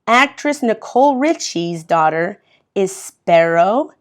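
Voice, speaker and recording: A woman's voice: medium pitch, expressive, slow. A woman from Mexico teaching an English as a second language class, reading from a textbook and patiently explaining words step by step.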